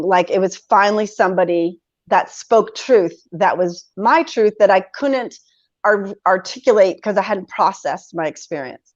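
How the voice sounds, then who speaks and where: A lively woman in her forties shares a personal story as a podcast guest, breaking into laughter and playing out her own old reactions. Her voice sits at a middle pitch. The sound is dull and lo-fi, with a dry room. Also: normal speed, dry recording. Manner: animated, laughs often, acts out her own past reactions.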